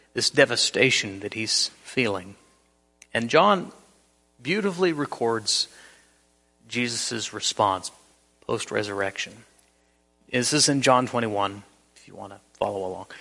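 Male pastor, gravelly and bright, earnest sermon delivery, long hall reverb. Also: mid-range voice. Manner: earnest, storytelling, emphatic with repeats.

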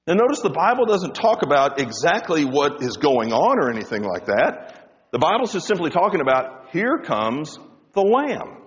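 Male pastor, fairly high voice, lively sermon delivery, dull recording with long hall reverb. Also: moderate pace. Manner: animated preaching, rising and dropping for emphasis.

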